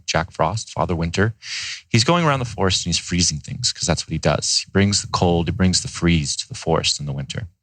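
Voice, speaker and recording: A man guest in a podcast interview, telling a folk tale at an unhurried storyteller's pace. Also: low voice, a bit bright, dry recording, low-quality recording. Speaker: ice bath company co-founder.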